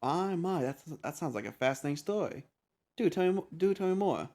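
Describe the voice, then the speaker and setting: A man's voice: fairly high pitch, expressive, fairly quick, a little mellow, voice pushed up. A man playing a genteel chatty barkeep. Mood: delighted. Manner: fussy, polite, calls people darling. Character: male human tavern keeper, genteel and talkative.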